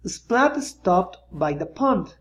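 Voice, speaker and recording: Slow, lively children's story reader. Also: medium pitch. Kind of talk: children's read-aloud.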